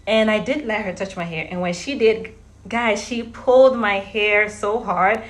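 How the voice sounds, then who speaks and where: A woman's voice: medium pitch, a little slow. Chatty woman telling stories to her viewers. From Cape Verde. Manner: chatty, often addresses viewers as guys, laughs while telling stories. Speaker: vlogger. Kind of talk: casual storytelling vlog.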